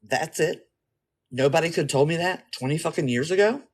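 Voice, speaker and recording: A woman vlogger telling a story in a casual monologue, blunt, profane and animated. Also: sits low, a little fast.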